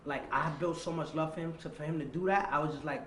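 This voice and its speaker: A man's voice: fairly high pitch, steady tone, fast, a bit bright. A man, telling a tense personal story in an interview, acting out quotes and swearing freely. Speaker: interview guest. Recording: echoey room with faint ambient noise.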